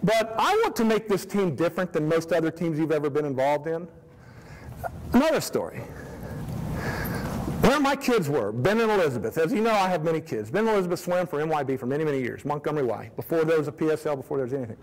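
A man's voice: on the high side, expressive, fast, poor audio. A middle-aged man, a swim coach, earnestly telling stories and laying out his philosophy to a room of parents, repeating key phrases for emphasis. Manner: earnest, storytelling, emphatic repetition.

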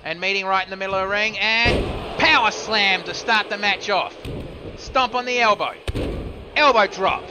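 A man giving live play-by-play commentary on a simulated wrestling show, excitable and joking, swearing casually. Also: high-pitched, moderate pace, noisy background. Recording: music playing behind.

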